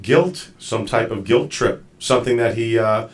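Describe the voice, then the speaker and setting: A man hosting a live video-call show, talking in a casual, halting way with lots of fillers and restarts. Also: mid-range voice. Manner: rambling, halting, with many fillers. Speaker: show host. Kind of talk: casual live-stream chat.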